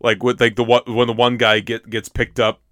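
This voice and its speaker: A man's voice: medium pitch, monotone, brisk, fairly bright tone, no echo, studio quality. A young man co-hosting a podcast in casual chat, hesitant and full of stumbling restarts. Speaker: podcast co-host.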